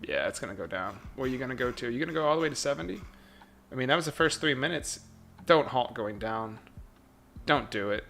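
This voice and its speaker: A man's voice: medium pitch, slight background noise. Man muttering live trading commentary. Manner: muttered running commentary, repeating phrases, sudden excited bursts. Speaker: live day-trading streamer.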